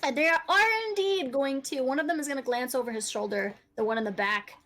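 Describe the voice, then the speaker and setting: A woman runs a tabletop game as dungeon master, describing rooms and tunnels. Her voice sits a little high and she keeps breaking into laughter as she narrates. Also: fairly quick, a bit bright, low-quality recording. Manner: laughs often while narrating.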